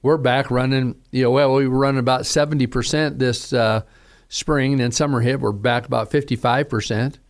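A man's voice: medium pitch, steady tone, normal speed. A middle-aged man, a pastor preaching an earnest radio sermon, pressing his calls to repent.

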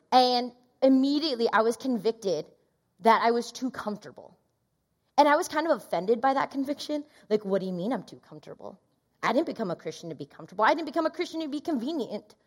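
A woman pastor in her thirties preaching a sermon, telling a personal story in an animated way and acting out the quoted voices. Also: medium pitch. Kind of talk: sermon testimony.

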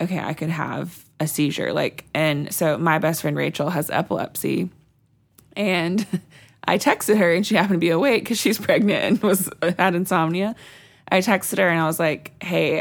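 Low, gravelly-voiced young woman telling a story. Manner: rambling, laughing often. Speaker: podcast co-host. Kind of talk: casual storytelling.

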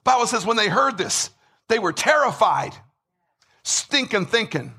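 A man preaching a sermon with emphasis, repeating words and rising to shouts. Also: sits high, big pitch swings, unhurried, slightly rough. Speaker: pastor.

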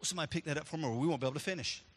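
A man preaching a sermon as pastor, animated and storytelling, dropping to a hush and then rising loud. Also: on the high side, very fast, in a large hall.

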